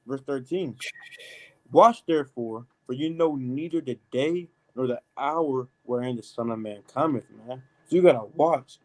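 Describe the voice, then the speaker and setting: A man leading a casual, animated Bible study, reading verses and adding emphatic asides like "man" and "right?". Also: mid-range voice, moderate pace, few pauses, poor audio. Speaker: Bible teacher. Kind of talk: street-style Bible study preaching.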